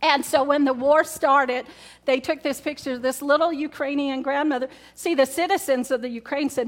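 This woman pastor has a high-pitched, steady voice and talks at a normal speed. Preaching to a congregation in church, she keeps things conversational and repetitive, returning to key words and questioning the people in front of her.

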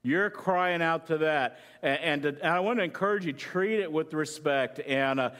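A man's voice: on the high side, moderate pace, fairly bright tone. A middle-aged male pastor preaching a sermon with humorous illustrations, conversational, often asking the congregation questions.

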